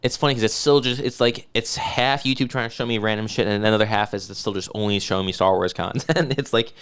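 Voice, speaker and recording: A man co-hosting a casual podcast, talking in an animated, sarcastic and profane way and often laughing. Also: lowish voice, fast talker, clear, resonant tone. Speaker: podcast co-host. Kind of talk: casual chat.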